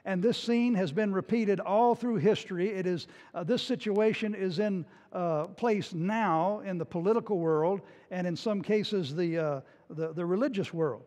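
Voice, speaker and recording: A man preaching a sermon, retelling a scripture story in a lively storytelling way and sometimes acting out its scenes. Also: high voice, normal speed, few pauses. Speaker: pastor. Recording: long hall reverb.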